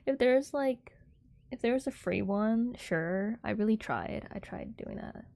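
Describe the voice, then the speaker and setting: A young woman livestreamer chatting casually with viewers in a soft, airy, giggly way, rambling with lots of fillers. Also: fairly high pitch, animated, a little slow, gravelly, dry recording.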